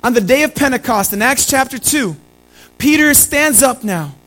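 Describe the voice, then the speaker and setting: A man with a notably high, light voice preaches a sermon. He is earnest and repeats his key lines for weight, speaking to his congregation as family. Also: expressive, moderate pace, fairly bright tone, poor audio. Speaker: pastor.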